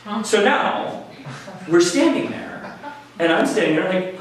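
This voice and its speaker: A man telling a personal story at a live story slam in a conversational, animated way, with quick asides to the audience. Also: sits high. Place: small venue before a live audience. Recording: echoey room, mic from a distance. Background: audience laughter.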